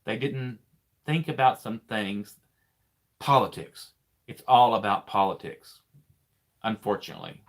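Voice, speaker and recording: A man's voice: fairly low pitch, a little slow, pauses often. A man, a trucker hosting a casual live chat, rambling and repeating himself as he talks. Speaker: trucker and channel host.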